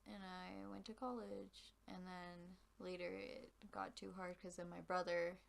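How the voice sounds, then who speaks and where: A young woman with a lowish, gravelly voice speaks at a measured pace. She co-hosts a casual podcast, chatting and telling animated stories while giggling a lot.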